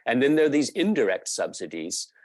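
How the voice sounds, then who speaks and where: A man being interviewed as a guest, explaining a point at length with frequent pauses and fillers. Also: mid-range voice, sing-song, darkish tone, no echo. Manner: thoughtful, halting with many fillers. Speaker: podcast guest, media researcher.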